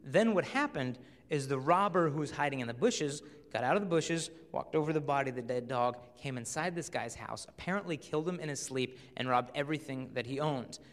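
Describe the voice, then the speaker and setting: A man's voice: mid-range voice, fairly quick. A young man giving a live talk to a young audience as a chastity speaker, telling stories with animation and acting out the voices of the people in them. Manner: animated storyteller who acts out voices. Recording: reverberant hall.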